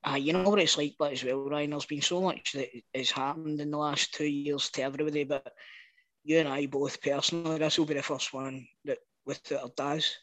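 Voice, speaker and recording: Scottish man, podcast co-host, earnest, slightly high voice, dry close sound. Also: fairly even intonation, brisk, fairly bright tone, no echo, poor audio. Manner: earnest, repeats "you know what I mean". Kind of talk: casual chat. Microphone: podcast microphone.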